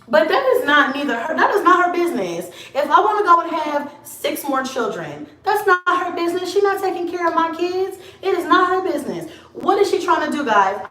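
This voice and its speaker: A woman's voice: high voice, a bit bright, far from the mic. A woman vlogger ranting to camera, blunt, profane and confrontational. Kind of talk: casual rant to camera. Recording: echoey room, set back from the mic.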